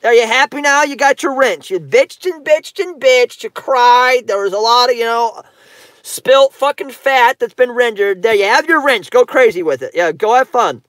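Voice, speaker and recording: A man's voice: very high voice, animated, moderate pace, a bit bright, no room sound. A man ranting on his own channel, profane and rambling, repeating himself. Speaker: YouTube commentator. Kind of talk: ranting commentary.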